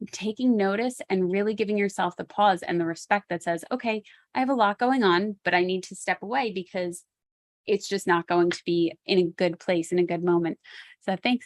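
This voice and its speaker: A woman's voice: mid-range voice, dry recording. A woman guest-hosting a talk on self-care, encouraging and laughing often as she repeats key points. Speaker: guest host.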